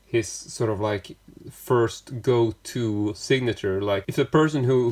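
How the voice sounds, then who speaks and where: A man casually showing off items from his collection in a vlog, talking in a rambling way with lots of fillers and self-corrections. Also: mid-range voice.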